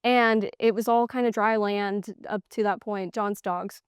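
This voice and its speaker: A woman's voice: mid-range voice, steady tone, measured pace, smooth, dry recording, clean studio sound. A young woman telling hunting stories in a casual interview, acting out quoted exchanges and laughing often. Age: young adult. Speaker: guest, hunter.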